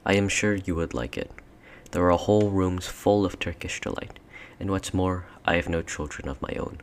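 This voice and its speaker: Man doing a sweet-talking queen, regal, commanding, low voice, storybook reading. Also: normal speed, a little hiss or hum, natural voice. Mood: coaxing. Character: cold, coaxing queen, tall and regal. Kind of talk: audiobook character voice.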